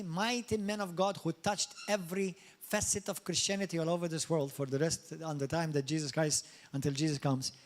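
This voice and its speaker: Animated high-voiced male preacher. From Malta. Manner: animated, swings into high mock voices and asks the congregation questions. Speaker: pastor. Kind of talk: sermon. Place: church hall.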